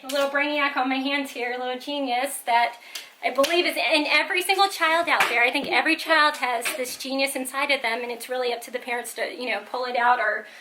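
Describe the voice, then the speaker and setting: A woman's voice: high voice, steady tone, quick pace, noisy background. A woman telling stories in a casual vlog, chatty and full of "like" and "you know". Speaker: parent vlogger.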